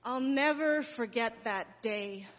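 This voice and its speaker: A grieving mother, played by a woman, speaks in a fairly high voice with slow, heavy pauses. The monologue rings out with a long reverberant hall tail. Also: fairly bright tone. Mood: sorrowful. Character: Mary, grieving mother recalling her son's death. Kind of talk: dramatic monologue.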